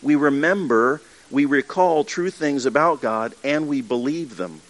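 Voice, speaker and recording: A pastor preaches to his congregation at a church with a livestream, using a medium-pitched, expressive voice and a measured pace. His sermon is earnest and conversational, with frequent restarts and acted asides.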